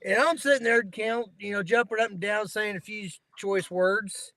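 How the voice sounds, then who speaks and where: A man's voice: sits high, steady tone, normal speed, vocal fry, sharp tone, dry recording, poor audio. A man telling rambling work stories in casual chat, laughing at himself.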